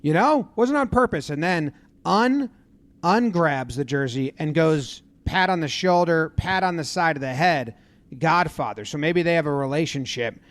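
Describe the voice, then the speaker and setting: A man giving casual play-by-play commentary on a baseball brawl clip, acting out what the players shout. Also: on the high side, unhurried, no echo. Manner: animated, acts out players' lines in loud voices.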